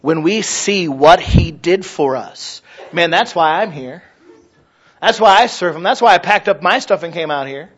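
A pastor preaching a sermon to his congregation, talking conversationally, dropping to hushed asides and rising to loud exhortation, acting out prayers and remembered conversations. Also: a little high, normal speed. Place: church service.

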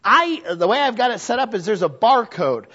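Man, pastor, high voice, sermon, conversational then loud and urging, muffled lo-fi recording. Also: very animated, moderate pace, slightly rough. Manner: conversational preaching, builds to loud exhortation. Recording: dull lo-fi recording.

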